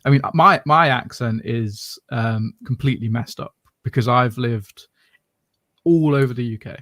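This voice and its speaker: A man's voice: medium pitch, measured pace, fairly bright tone, dry recording, clean studio sound. A man from southern England with a mixed English regional accent, talking in a rambling, self-correcting way as a podcast co-host. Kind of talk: casual chat.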